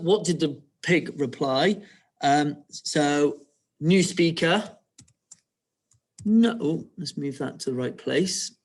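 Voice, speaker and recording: Male teacher, slightly high voice, slow and patient, guides children through an online writing lesson step by step. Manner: patient, talks pupils through each step with frequent checks. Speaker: primary school teacher.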